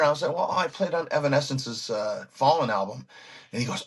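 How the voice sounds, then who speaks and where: A man who is a guest musician telling stories in an interview, excitable and animated, acting out what other people said. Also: fairly high pitch, fairly quick, husky. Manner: excitable, acts out quoted voices, frequent restarts.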